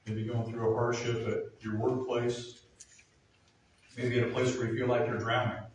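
A male pastor delivers a sermon in an earnest voice that swells to emphatic peaks. His voice is of middling pitch and is picked up from a distance, so it rings with heavy reverb in a large room with faint ambience behind it. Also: little pitch movement, normal speed, slight background noise. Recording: echoey room from far off.

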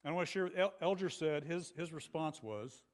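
Man preaching in an animated, chatty way. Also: a little high, fairly quick. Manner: conversational, animated preaching with frequent asides. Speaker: pastor. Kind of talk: sermon.

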